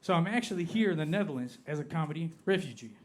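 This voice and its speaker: A man from Appalachia with an American Appalachian accent, performing a stand-up comedy set on a club stage and drawing out his punchlines deadpan. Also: fairly high pitch, quick pace. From Appalachia, United States.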